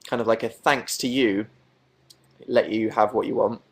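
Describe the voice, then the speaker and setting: A man's voice: fairly low pitch, fairly even intonation, normal speed, a little hiss or hum. A young man from England hosting a casual late-night livestream from his bedroom, reading viewer comments in a dry, sarcastic, self-mocking way. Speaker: livestream host.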